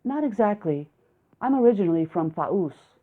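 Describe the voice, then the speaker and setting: A woman voicing a young village nurse who speaks coyly in a breathy voice. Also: medium pitch, expressive, moderate pace, close to an everyday voice. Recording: narrow, phone-like lo-fi sound.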